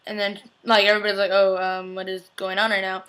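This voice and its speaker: A woman's voice: mid-range voice, little pitch movement, quick pace, fairly bright tone, rough recording. A young woman giving a casual, chatty TV episode recap, gushing and peppering her talk with "like". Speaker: TV recap vlogger.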